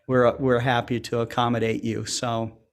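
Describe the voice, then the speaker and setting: A man's voice: mid-range voice, flat delivery, normal speed. A man co-hosting an astronomy livestream, chatting casually and poking fun at himself, laughing often between rambling remarks full of fillers. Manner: joking, self-deprecating, laughs often; loose and rambling with many fillers. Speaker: co-host of an astronomy community livestream. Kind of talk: casual chat.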